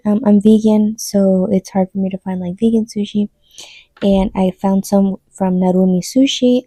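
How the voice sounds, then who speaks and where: A woman's voice: medium pitch, dark tone, no room sound. A woman chatting casually to her phone camera as a vlogger, with many "um"s and "like"s. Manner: chatty, lots of fillers like "um" and "like". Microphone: phone camera mic.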